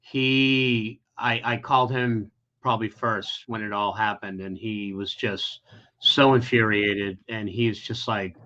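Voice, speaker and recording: A man's voice: on the low side, fairly even intonation, slow, sharp tone. A man as an interview guest, telling a personal story in an emotional, rambling way with many restarts. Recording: dull lo-fi audio.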